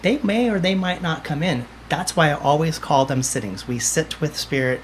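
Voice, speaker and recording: A man's voice: fairly high pitch, normal speed, a little hiss or hum. A man, a medium, chatting as a podcast guest and telling stories with acted-out dialogue. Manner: lively storyteller, acts out dialogue. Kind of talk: casual interview chat.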